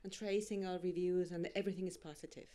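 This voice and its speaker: A woman's voice: fairly low pitch, steady tone, fast talker, warm tone. A woman in the audience politely and hesitantly thanking the speaker and asking a question about how her work has been received. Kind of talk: question from the floor.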